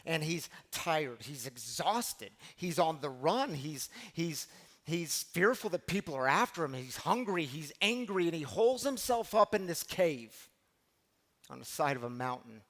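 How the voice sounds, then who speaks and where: A middle-aged man preaching a recovery sermon, animated storytelling that swings from loud to hushed. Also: fairly high pitch, a little slow. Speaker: pastor of a recovery community.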